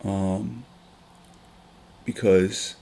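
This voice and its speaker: A man, talking on a casual podcast in a deep voice. His tone is gravelly and full of vocal fry. He speaks earnestly, with frequent ums and restarts. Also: little pitch movement, extremely slow, mellow. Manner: earnest, emotional, with many fillers and restarts. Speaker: teacher.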